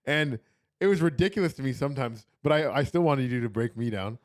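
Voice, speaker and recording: A young man from Canada chats as a comedy guest on a podcast. He tells stories with a joking, playful edge. His voice sits at an ordinary middle pitch. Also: expressive, brisk. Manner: joking, storytelling. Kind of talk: casual chat.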